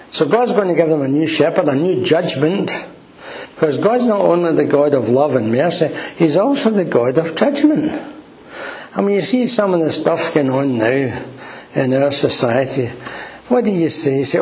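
A man's voice: on the high side, lively intonation, normal speed, poor audio. A man preaching a sermon in a church, earnest and emphatic. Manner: earnest, emphatic, quoting scripture.

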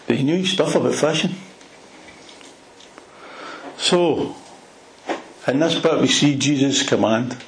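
A man with a Glasgow accent preaching a sermon, retelling a Bible story in an animated way with plenty of local slang. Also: a little high, echoey room, slight background noise, rough recording. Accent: Glaswegian Scottish. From Scotland. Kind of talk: expository sermon.

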